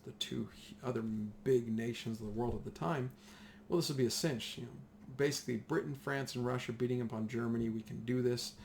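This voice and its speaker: Male history teacher, casual and animated, mid-range voice, slight background hiss. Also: medium pitch, gravelly. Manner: chatty, animated, acts out voices of nations.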